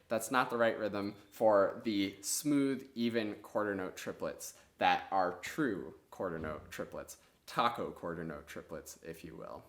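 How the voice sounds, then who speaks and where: A man teaching an online clarinet lesson, patiently explaining step by step and counting rhythms out loud. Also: on the low side. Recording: echoey room.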